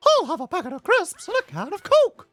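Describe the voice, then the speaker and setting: A man doing a falsetto impression of a cheerful male cartoon mouse, chirpy and exaggerated. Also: wildly swooping pitch, fairly quick, fairly bright tone, no room sound, soft background music, heavily acted. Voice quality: falsetto squeak.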